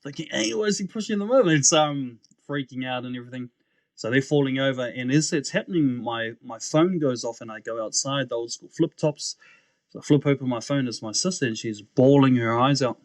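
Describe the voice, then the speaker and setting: A young man, a podcast guest telling his story in a casual, animated way, acting out the voices he quotes and laughing often. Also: medium pitch, moderate pace, no echo.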